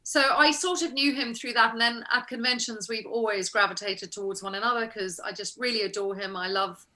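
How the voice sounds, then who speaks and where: Bright-voiced, chatty woman from South Africa. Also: a little high, fairly quick. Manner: chatty, animated storyteller who laughs often. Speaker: actress guest. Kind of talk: casual interview chat.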